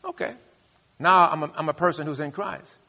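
A male pastor preaching a sermon, leading the congregation in call-and-response and rising to loud, high bursts. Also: a little fast. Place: church sanctuary. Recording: long hall reverb.

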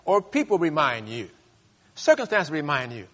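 A man preaching in a church sanctuary, calling on the congregation to repeat after him. His voice sits fairly high and sounds bright and ringing. A long hall reverb trails each phrase. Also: wildly swooping pitch, normal speed. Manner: call-and-response preaching, rising to loud high bursts. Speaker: pastor. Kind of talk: sermon.

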